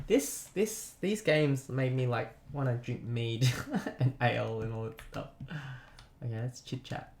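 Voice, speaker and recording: A man's voice: mid-range voice, a little slow, vocal fry, noisy background. A man casually commentating a retro game he remembers, reading its text aloud. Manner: chatty, nostalgic, reads on-screen text aloud. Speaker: let's play gamer. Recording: roomy echo.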